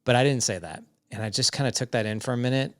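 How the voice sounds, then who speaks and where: A man's voice: medium pitch, quick pace, a bit bright, dry recording, clean studio sound. A man in his forties telling a frank personal story as a podcast guest. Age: 40s. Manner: frank, acts out quoted dialogue.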